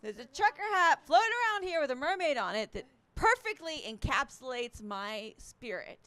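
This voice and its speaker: A woman's voice: high-pitched, sing-song, moderate pace, fairly bright tone, no room sound. A woman from Alabama, doing a rambling, profane stand-up set. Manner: rambling, profane, self-mocking. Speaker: stand-up comedian. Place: resort stage, in front of a live audience.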